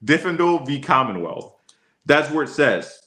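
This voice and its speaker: A man's voice: on the high side, very animated, measured pace, fairly bright tone, echoey room, slight background noise. A man who is an attorney, giving a casual, chatty law lesson on a livestream and often addressing his co-host by name.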